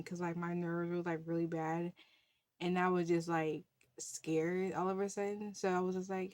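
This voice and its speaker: A woman's voice: on the low side, fairly even intonation, fairly quick, no echo. A woman telling a story in a casual vlog, chatty, with many fillers and frequent laughs. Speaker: budgeting channel host.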